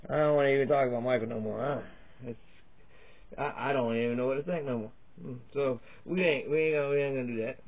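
A man's voice: mid-range voice, fast talker. Crude rambling man, tinny phone-like sound. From Virginia, USA. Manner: crude, profane, jokey, jumps between topics. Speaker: comedy vlogger. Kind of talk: rambling stand-up style monologue.

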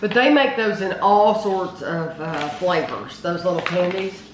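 A woman's voice: fairly low pitch, a little slow. Woman host, enthusiastic taste-test chatter, reverberant room, faint hiss. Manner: effusive, full of praise. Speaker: food reviewer, channel host. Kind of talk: casual taste-test chat. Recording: roomy with faint noise.

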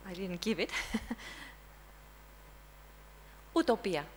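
A woman's voice: mid-range voice, a little slow, a little hiss or hum, low-quality recording. Greek-accented woman teaching a room. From Greece. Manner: prompts audience with frequent "hmm?" checks. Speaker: language teacher presenting. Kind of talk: interactive conference talk. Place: conference room.

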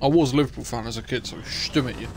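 A man's voice: medium pitch, fast talker. Swearing male streamer, noisy audio. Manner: bickering, heavy swearing. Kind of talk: live gameplay stream chat.

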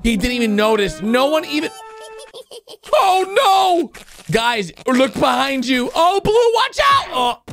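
A man commenting excitedly on cartoon animations, jumping between low murmurs and sudden shouts and gasps. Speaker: gaming YouTuber. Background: background music.

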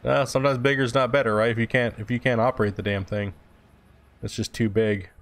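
A man's voice: medium pitch, fairly even intonation, brisk. A young man streaming a game, chatting loosely with viewers, swearing freely and answering chat as he plays. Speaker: gaming streamer. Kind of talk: casual live-stream chat.

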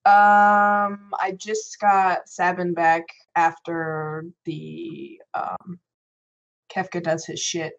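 Sassy woman guest, lowish voice. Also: flat delivery, extremely slow, vocal fry, lo-fi sound. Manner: sassy, playful. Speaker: voice actress guest. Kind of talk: casual chat.

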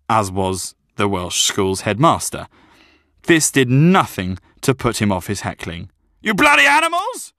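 A man's voice: fairly low pitch, dry recording, clean studio sound. A young man narrating a humorous memoir audiobook and bantering with his co-reader. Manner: lively, defensive comic reading.

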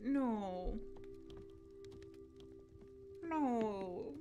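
A young Scottish woman streaming a cozy game, gushing and excitable, often trailing off into fillers. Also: mid-range voice, unhurried, poor audio. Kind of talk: casual gaming livestream chat. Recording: game music playing underneath.

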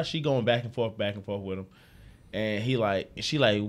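Animated laughing male podcast co-host. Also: on the low side, a little fast. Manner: animated storyteller, laughs often. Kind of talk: casual podcast chat.

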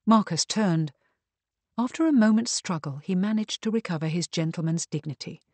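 A woman narrating a historical mystery audiobook in an even, measured reading. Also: lowish voice, no echo. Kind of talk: scripted narration.

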